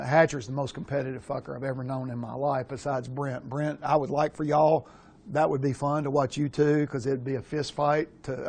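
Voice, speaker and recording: A man's voice: mid-range voice, vocal fry, a little mellow. A man around sixty, a quarterback coach giving a casual, profane, rambling talk at a coaching clinic.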